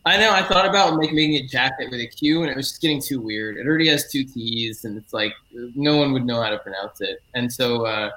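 A middle-aged man with a bright, forward tone, talking at a middling pitch in a relaxed interview. He is a comic book writer who explains things at length, earnest and eager, often restarting and correcting his phrasing as he goes. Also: a little fast, hardly any pauses, poor audio. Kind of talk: casual interview talk.

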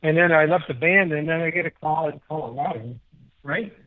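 Older man from Chicago, interview guest; slightly raised pitch, rambling anecdotes, heard through a thin phone-style line. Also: brisk, narrow, tinny audio. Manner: animated, rambling anecdotes with many restarts. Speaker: guest musician. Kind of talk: casual interview storytelling.

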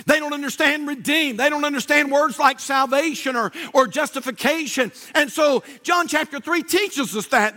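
A male pastor delivers a lively sermon in a very high voice. His tone is bright and ringing. He carries long anecdotes and climbs into shouted emphasis. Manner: animated storytelling preacher, shouting at peaks. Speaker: Baptist pastor.

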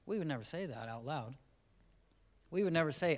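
A male pastor delivering a church sermon in a fairly high voice. He talks casually and conversationally, then rises to loud, emphatic points before dropping back to quiet asides. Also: normal speed. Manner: animated, conversational preaching that swings from quiet to loud. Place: church service.

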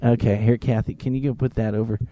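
A man hosting a casual live commentary, talking in a hushed, fond way that often drops into whispers. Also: medium pitch, little pitch movement, quick pace.

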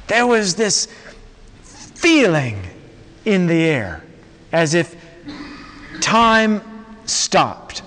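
Male preacher, slightly raised pitch, unhurried dramatic storytelling, reverberant sanctuary. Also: very animated, a bit bright. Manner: slow, dramatic storytelling with long pauses. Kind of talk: storytelling sermon. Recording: long reverb of a large hall.

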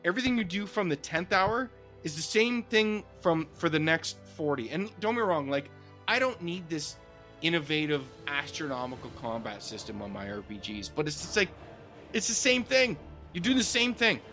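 A man's voice: a little high, moderate pace, soft background music. Ranting middle-aged man. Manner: animated, profane ranting. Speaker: podcast co-host. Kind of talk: casual gaming podcast chat.

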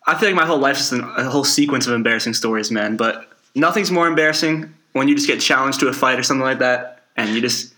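A man's voice: mid-range voice, fast, few pauses, pushed and bright. Laid-back young man saying dude a lot. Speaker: podcast co-host. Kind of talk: casual storytelling.

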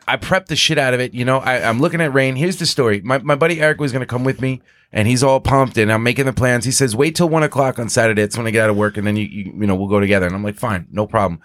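A man's voice: mid-range voice, a bit bright, dry recording. A man telling a long, rambling, profanity-filled story on a casual podcast. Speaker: podcast co-host.

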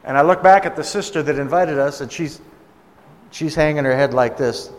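A man's voice: on the high side, moderate pace. A man preaching a sermon, telling a story in a conversational way and acting out the voices of the people in it. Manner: conversational, acts out quoted voices. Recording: long hall reverb.

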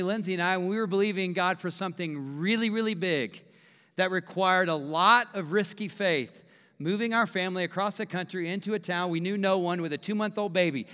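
A man in his thirties, a pastor preaching a sermon with emphatic, animated delivery and acted-out quotes. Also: high-pitched, clean tone. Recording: echoey hall reverb.

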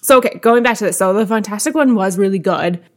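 A woman co-hosting a casual podcast, telling stories in an animated way and swearing freely. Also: medium pitch, fast talker. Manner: animated storytelling with frequent swearing. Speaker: podcast co-host. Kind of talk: casual chat.

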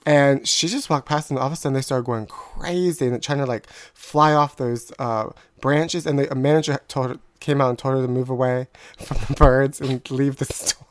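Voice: medium pitch, fairly even intonation, moderate pace. A podcast co-host telling a long funny family anecdote in casual chat, chatty and laughing at their own story.

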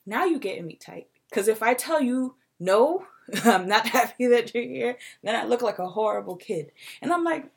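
A young woman co-hosting a podcast in casual chat, telling stories with animated quoted voices. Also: normal speed, vocal fry, husky. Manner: animated storytelling, acting out quotes in a high mocking voice. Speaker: podcast co-host.

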